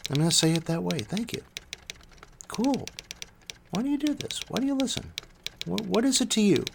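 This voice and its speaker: A man hosting his own podcast in casual solo talk, self-mocking and animated, swinging between loud bursts and muttered asides. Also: fairly high pitch, vocal fry, slight background noise. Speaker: podcast host.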